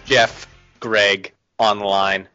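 A man with a lowish voice hosts a casual podcast while a little under the weather, rambling with plenty of fillers and restarts. The recording is dry and dull, with a lo-fi edge. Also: level tone, slow, bright, forceful tone, smooth, no room sound, faint music behind. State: a little sick. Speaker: podcast host. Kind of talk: casual chat.

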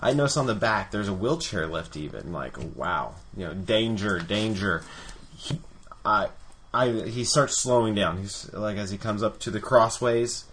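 A man's voice: fairly low pitch, fairly bright tone, slight background noise. A man in his thirties co-hosting a podcast, telling stories in a loose, rambling way and swearing freely. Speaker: podcast co-host. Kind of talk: casual chat.

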